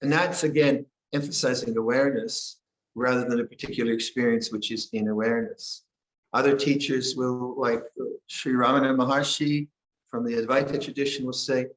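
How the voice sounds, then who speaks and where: An older man, a meditation teacher, giving a guided meditation and dharma talk in a gentle, unhurried way, often pausing and restarting his sentences. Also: mid-range voice, fairly even intonation. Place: monastery meditation hall. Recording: echoey hall.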